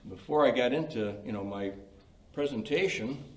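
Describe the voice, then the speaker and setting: An older man with a mid-range voice, speaking at normal speed, leads a creative writing workshop in a library meeting room. His informal lecture is folksy and chatty, full of anecdotes and "you know" fillers, and the distant mic gives a roomy sound.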